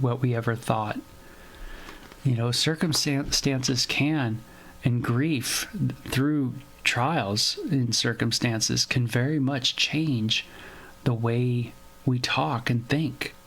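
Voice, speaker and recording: A man's voice: mid-range voice, slow, a little hiss or hum. A man hosting a casual Bible devotional, reading scripture and retelling it in loose everyday slang. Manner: conversational, animated, paraphrases scripture in everyday slang. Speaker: devotional host.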